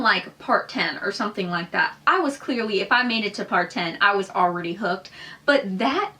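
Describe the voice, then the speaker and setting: A young woman hosting a reaction commentary, animated and incredulous, firing off rhetorical questions. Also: on the high side. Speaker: commentary host.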